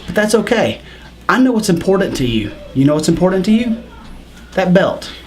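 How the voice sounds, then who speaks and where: A man speaking as a wrestler in an in-character promo, rambling and halting at first, then boastful. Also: high-pitched, sing-song.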